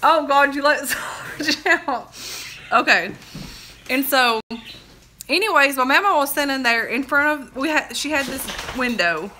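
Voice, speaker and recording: A chatty woman with a drawl rambles through homey stories on a phone livestream. Her voice is bright and a touch high, and she sits curled up on the couch at home. She drifts from one tangent to the next and laughs at her own jokes. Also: measured pace, slight background noise. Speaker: livestream host. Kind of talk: rambling casual chat.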